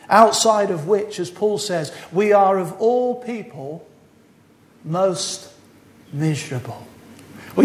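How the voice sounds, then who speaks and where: A man with a high voice delivers a sermon in a church, his words ringing through a roomy, echoing space. He teases the congregation with gentle jokes, then slows to read scripture with weight. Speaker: preacher.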